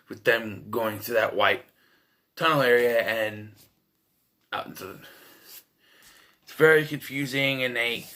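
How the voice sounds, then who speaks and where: A man's voice: mid-range voice, fairly bright tone. A man giving a casual, rambling film review, exasperated and swearing freely. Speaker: movie reviewer.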